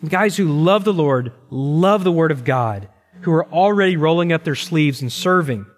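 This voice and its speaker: A middle-aged male pastor preaching a sermon with emphasis, slowing down to repeat key phrases. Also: a little high, expressive. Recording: long reverb in a large hall.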